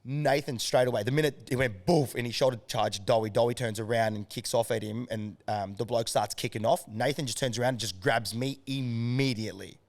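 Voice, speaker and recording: A man's voice: mid-range voice, a little fast, hardly any pauses. An Australian man, a strength coach, chatting casually as a podcast guest and telling stories with lots of energy and swearing. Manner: animated storyteller, swears freely.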